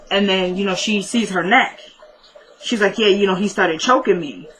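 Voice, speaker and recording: A woman's voice: medium pitch, fairly quick, a bit bright, slight background noise, low-quality recording. A woman casually recapping a TV episode, retelling the dialogue in a chatty way. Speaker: TV recap vlogger.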